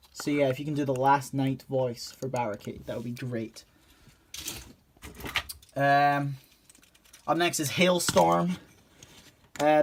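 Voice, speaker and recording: A man's voice: a little high, background noise. A man giving a casual fan casting call, rambling and hesitant, with many ums and restarts. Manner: relaxed and informal, with light laughs.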